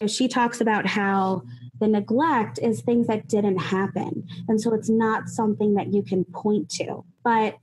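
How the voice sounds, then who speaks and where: A woman's voice: medium pitch, steady tone, a little slow, darkish tone, poor audio. A woman with a mid-range voice talks as a guest therapist in a podcast interview. She explains at length and fills her talk with "like" and "you know".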